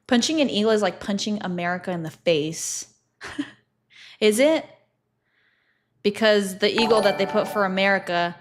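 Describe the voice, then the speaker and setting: A young woman livestreaming, casually telling stories to her chat, swearing freely and laughing often. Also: lowish voice.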